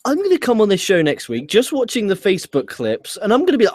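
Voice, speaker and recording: A man with a slightly high voice teases his co-host and tells animated, profane stories about wrestling shows. The sound is close and dry, with no room around it. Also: fast, few pauses, no echo. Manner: profane, teasing, animated storyteller. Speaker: podcast co-host. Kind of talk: casual wrestling review chat.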